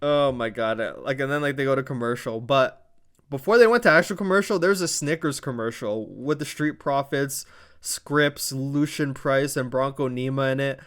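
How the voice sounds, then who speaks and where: Casual male vlogger, smooth voice, mid pitch, animated recap with swearing and fillers. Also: moderate pace. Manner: excitable storytelling, heavy swearing and fillers. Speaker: wrestling show reviewer.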